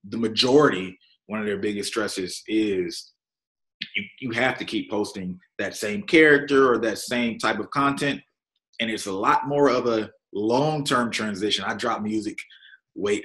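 A man hosting a casual interview, talking in a relaxed, conversational way and laughing easily. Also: fairly low pitch. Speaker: interviewer, podcast host.

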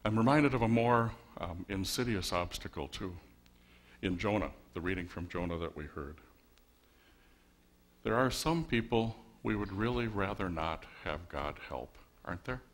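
Here the low-voiced pastor is animated and speaks at a normal pace. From the church sanctuary he keeps his sermon wry and chatty, working the congregation with rhetorical questions.

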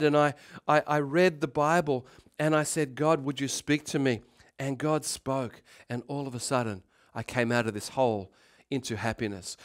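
Man, middle-aged, pastor, sermon, animated preaching, slightly high voice. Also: moderate pace.

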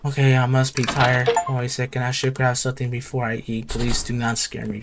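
A man's voice: medium pitch, level tone, normal speed, hardly any pauses, noisy background. A man playing a horror game on his channel, scared and jittery, repeating the same words over and over and calling everyone "bro". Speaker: gaming youtuber.

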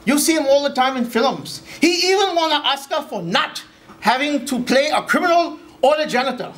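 A man voicing an earnest immigrant dishwasher who tells his story in broken English, sometimes bursting out higher and louder. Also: lively intonation, normal speed, slight background noise. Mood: storytelling.

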